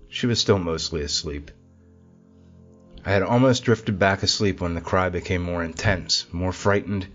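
A man narrating a scripted horror story in a measured, steady way. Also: deep voice, muffled recording.

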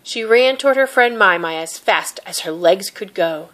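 A woman reading a children's picture book aloud with gentle, expressive narration. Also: medium pitch, moderate pace. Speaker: storybook reader.

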